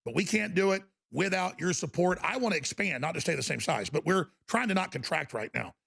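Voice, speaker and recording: A man's voice: high voice, expressive, fairly quick, fairly bright tone. A male talk show host delivering a fervent, ranting radio monologue with mocking asides. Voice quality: gravelly.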